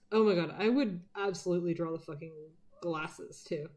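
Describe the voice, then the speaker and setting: Drawing on her live stream, a woman with a lowish, slightly mellow voice rambles casually and swears a lot. She's an art streamer who often slips into murmuring as she works.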